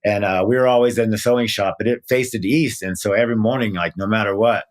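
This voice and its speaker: A man telling his story in a casual interview, earnest and animated, with many fillers and moments of emotion. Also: lowish voice, quick pace. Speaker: guest.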